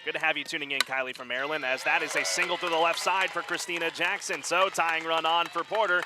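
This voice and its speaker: A man calling a high school softball game play-by-play, getting quick and excited during close plays. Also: heavy background noise. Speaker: play-by-play announcer. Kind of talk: live sports commentary.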